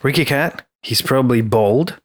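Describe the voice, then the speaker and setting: A man co-hosting a podcast in a relaxed, offhand way. His delivery stays easy and low-key. The recording is close and dry. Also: normal speed, no room sound. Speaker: podcast co-host. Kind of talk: casual podcast chat.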